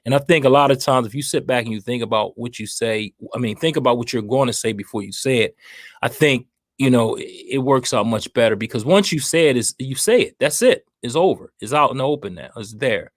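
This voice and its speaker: A man's voice: mid-range voice, a little fast, dry recording. A man co-hosting a relationship talk show, laid-back and reflective. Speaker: podcast co-host.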